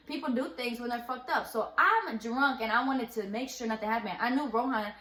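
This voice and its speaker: A woman's voice: fairly high pitch, normal speed, hardly any pauses. Chatty young woman in an echoey room. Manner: rambling, animated retelling with quoted dialogue and slang. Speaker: vlogger telling a story. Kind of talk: casual storytime chat.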